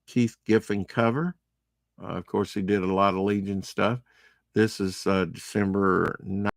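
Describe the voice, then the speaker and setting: Guy rambling thru his comic pile, gravelly low voice, real dry close sound. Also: dry recording. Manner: rambling, chatty, opinionated asides. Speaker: comic book vlogger. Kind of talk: casual comic unboxing commentary.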